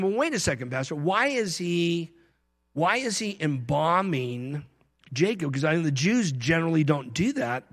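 A pastor giving a sermon in a conversational way, moving between loud emphasis and quiet asides. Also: male voice, a little high, long reverb tail.

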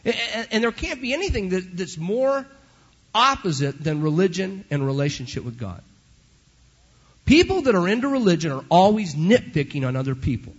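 Middle-aged male pastor, husky, fairly high voice, conversational sermon, dull lo-fi recording. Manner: animated, conversational preaching with storytelling asides.

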